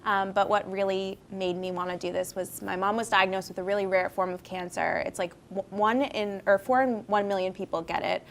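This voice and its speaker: A woman in her twenties who founded a festival tells stories in a casual interview, full of fillers and frequent laughter. Her voice is medium-pitched and steady, and she speaks briskly with hardly any pauses, over a little hiss or hum.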